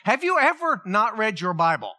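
Male pastor, conversational sermon; sharp, bright tone, highly animated delivery. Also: normal speed. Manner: animated, conversational preaching with acted-out quotes.

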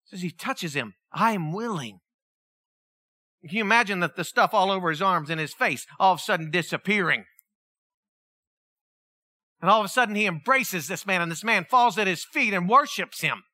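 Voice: medium pitch, lively intonation, fairly quick, pushed and bright, no room sound, clean studio sound. A preacher, giving a sermon, telling the story vividly and asking the listeners questions. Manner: storytelling, acts out the people in the story; asks the listeners many questions.

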